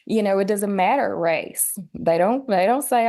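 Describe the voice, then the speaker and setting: A woman from West Tennessee with a Southern twang, a musician telling stories in a relaxed interview chat, often quoting others in animated voices. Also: mid-range voice, unhurried, few pauses. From West Tennessee, USA. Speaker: guest musician.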